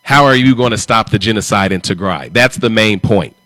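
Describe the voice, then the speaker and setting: A man's voice: fairly low pitch, fairly quick, sharp tone, no echo. A man hosting a live stream, talking in an emphatic, repetitive and confrontational way. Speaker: livestream host.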